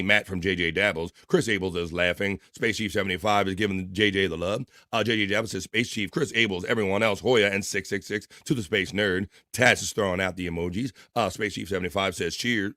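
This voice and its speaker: A man hosting a live stream, casually reading viewer comments aloud and giving shout-outs while talking through his allergies. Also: deep voice, dry recording, studio quality. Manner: casual, rambling, reads chat names aloud with shout-outs. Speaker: livestream show host.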